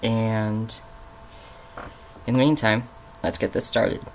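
A man casually commenting on a video he is reacting to, with pauses, restarts and fillers. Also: fairly low pitch, flat delivery, noisy background. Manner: hesitant, with many fillers and restarts.

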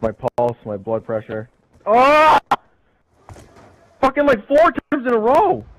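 A man's voice: high voice, huge pitch swings, moderate pace, background noise. A man yelping in exasperated disbelief while playing a shooter game on voice chat.

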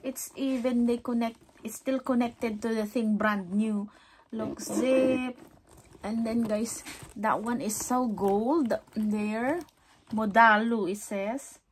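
A woman filming a casual haul vlog at home, chatty, excited about bargains and repeating "guys" as she shows each item. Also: fairly high pitch, slow, a little hiss or hum. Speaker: vlogger. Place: home, indoors.

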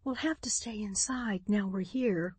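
A resolute young woman caught in a dangerous crisis, as a female audiobook narrator puts her on. She speaks in urgent, breathless bursts, noticeably higher than the narration. The recording is dry and close. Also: unhurried, dark tone, dry recording, close to an everyday voice. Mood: breathless urgency.

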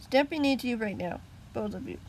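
A woman voicing a calm, protective young male friend in a storybook reading, speaking casually. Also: on the high side, normal speed, slight background noise, close to an everyday voice. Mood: reassuring. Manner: casual, reassuring.

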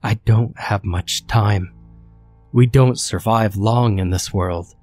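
A man's voice: on the low side, slow, darkish tone, faint music behind. A man voicing a small, frail, dying female creature from another world in a scary story, speaking in a weak, shaky, breathless way. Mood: frail, fearful.

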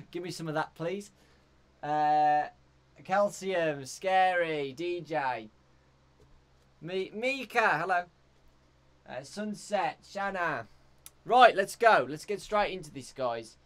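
A young man from England giving live commentary as he plays a horror game, jumpy and prone to yelping and shouting in fright. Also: a little high, lively intonation, slow pace, pauses often. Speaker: streamer.

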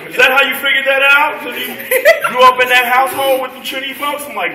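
A man's voice: extremely high pitch, steady tone, fast talker. A young man doing stand-up, joking loosely and chatting with the audience at a college show. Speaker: stand-up comedian. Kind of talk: stand-up crowd work. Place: college event hall. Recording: echoey room from far off, loud crowd noise. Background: audience laughing and clapping.

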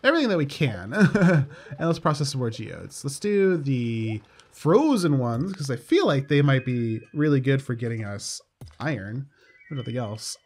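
A man's voice: medium pitch, very animated, normal speed, breathy edge. A man casually commenting on his gameplay, upbeat and chatty with dry sarcastic asides. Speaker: let's play host.

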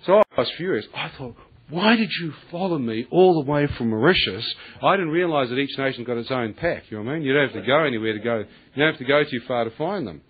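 Male preacher, husky voice on a tinny recording, tells his story with lively acted-out dialogue. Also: mid-range voice, racing, hardly any pauses. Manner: animated storyteller, acts out voices, laughs often, colloquial. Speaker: preacher giving testimony. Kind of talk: testimony sermon.

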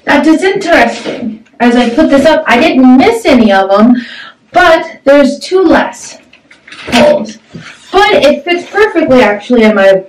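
A woman's voice: a little high, slight background noise. A young woman reviewing a shower curtain in a casual, upbeat vlog, talking with lots of "um" and "like". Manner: chatty, upbeat, with frequent "um" and "like". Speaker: product reviewer. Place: small home bathroom. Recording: echoey bathroom, mic at a distance.

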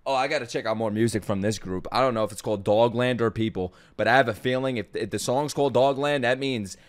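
A young man reacting out loud to an anime as a streamer, loud and exclamatory, swearing freely and talking back to the screen. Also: mid-range voice, fast. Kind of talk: excited anime reaction commentary.

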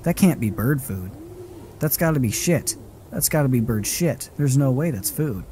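This streamer's mid-range voice is animated and mellow at a normal speed as he plays a horror game live. He's profane and jumpy, cursing and retorting to the game every time it startles him, with slight noise in the background.

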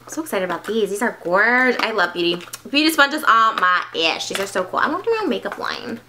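A young woman vlogging an unboxing in a bubbly, excitable, gushing way. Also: medium pitch, fast, noisy background. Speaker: beauty vlogger. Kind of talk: casual unboxing vlog.

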